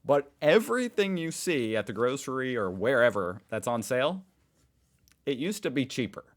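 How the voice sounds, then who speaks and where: A man's voice: mid-range voice, big pitch swings, moderate pace. An American man hosting a reaction video, reading posts aloud and reacting in a chatty, joking way. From United States. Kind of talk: casual reaction commentary.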